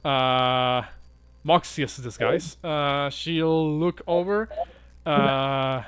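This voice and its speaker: A man's voice: a little high, fairly bright tone, a little hiss or hum. A man running a tabletop game as game master, narrating with frequent hesitations. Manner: halting, many "uh" fillers.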